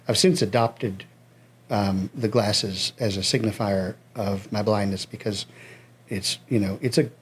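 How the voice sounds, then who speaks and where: A man's voice: on the low side, steady tone, measured pace, husky. A man in his thirties from western Massachusetts with a New England accent, a musician guest telling a story in casual chat, laid-back and swearing freely.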